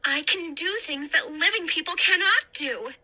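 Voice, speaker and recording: A woman voicing a terrified but brave young girl ghost, crying out high and loud. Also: moderate pace, full character voice. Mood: determined. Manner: high, shouting, crying out in panic.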